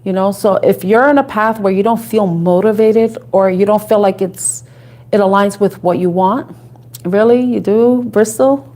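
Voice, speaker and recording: A woman's voice: mid-range voice, moderate pace. Chatty Bronx woman reading tarot. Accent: New York (Bronx). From the Bronx, New York. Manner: chatty, thinks out loud, laughs often. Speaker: tarot reader.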